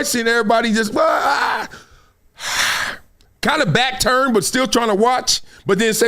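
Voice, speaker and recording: A man's voice: high-pitched, moderate pace, fairly bright tone. A middle-aged man with a Los Angeles accent hosting a live show, telling a casual story and acting out the scenes and quotes. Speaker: show host.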